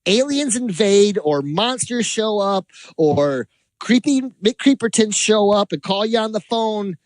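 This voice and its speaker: Animated podcast co-host, dry close sound. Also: male voice, sits high, measured pace, no room sound. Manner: animated storytelling, jokey. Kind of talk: casual chat.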